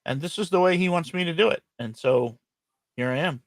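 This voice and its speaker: A man's voice: a little high, brisk, dry recording. A man, a guest in a casual live-streamed interview, speaking earnestly and reflectively. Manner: earnest, reflective, speaks openly about faith. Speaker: podcast guest. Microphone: remote live-stream call.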